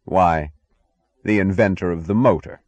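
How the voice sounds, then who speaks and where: A man doing a courteous older gentleman. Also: deep voice, a little slow, dry recording. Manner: courteous, formal.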